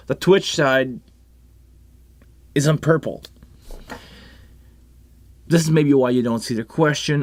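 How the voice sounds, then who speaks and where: A man's voice: mid-range voice, no echo. A man with a French Canadian accent hosting a casual live stream about sound gear, chatting in a rambling way with many restarts and asides. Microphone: live microphone on a console setup.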